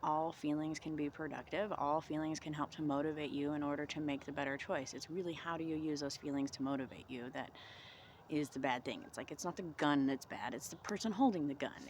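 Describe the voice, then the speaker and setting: A woman vlogging outdoors in the cold, talking through reflective self-help questions in a gentle, encouraging way. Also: low voice, a little hiss or hum.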